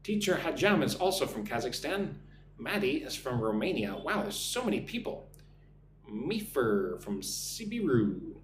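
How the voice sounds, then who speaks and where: A man from the United States teaching an English lesson on a live stream, speaking slowly and clearly for learners. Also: mid-range voice, very animated, echoey room, noisy background. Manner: slow, clear drill phrasing for learners.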